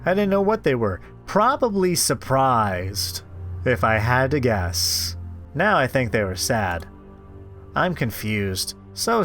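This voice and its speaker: Man, game streamer, reads story aloud, expressive, lively pitch. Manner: expressive, quick asides between read text. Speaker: streamer playing a visual novel. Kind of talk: reading a game aloud with commentary.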